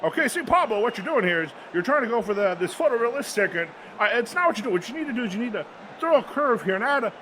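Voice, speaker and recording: A man putting on a rambling, excitable football commentator voice, full of football jargon. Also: very high voice, quick pace, slight background noise, voice pushed up, full character voice. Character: man doing a John Madden style football commentator.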